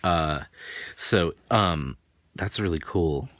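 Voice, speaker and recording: A man's voice: low-pitched, slow, a bit bright, dry recording. A man with a faint New England accent, chatting casually and rambling through an unboxing as host. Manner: rambling, chatty, self-deprecating. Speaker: tarot reader and host.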